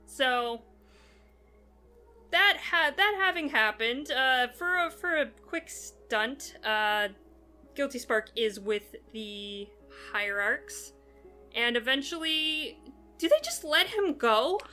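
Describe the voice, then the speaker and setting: Woman, podcast co-host, casual chat, bright high voice, animated, faint music behind. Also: takes it slowly. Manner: animated, acts out characters with exaggerated quips.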